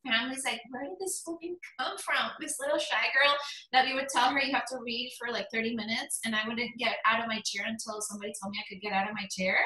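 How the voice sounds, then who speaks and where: A woman in her forties, a fitness business coach, giving an energetic motivational talk in emphatic bursts. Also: a little high. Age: 40s. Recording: echoey room.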